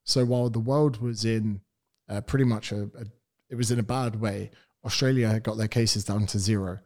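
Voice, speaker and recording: A man's voice: on the low side, fairly even intonation, normal speed, a little mellow. A man from England, a personal trainer guesting on a podcast, talking bluntly and with strong opinions. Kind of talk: casual interview chat.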